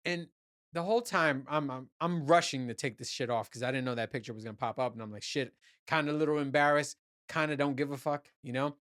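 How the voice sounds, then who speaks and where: A man's voice: mid-range voice, quick pace, fairly bright tone. A man hosting his own podcast, ranting casually and rambling, swearing freely and restarting his sentences often. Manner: profane, rambling, with many restarts and "you know"s. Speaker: podcast host. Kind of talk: casual solo podcast rant.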